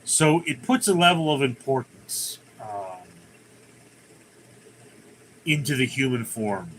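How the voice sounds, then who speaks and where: A man's voice: medium pitch, expressive, slow pace, fairly bright tone, slight background noise, rough recording. A man hosting a casual livestream, reading viewer comments aloud and answering them in a rambling, conversational way. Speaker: livestream host.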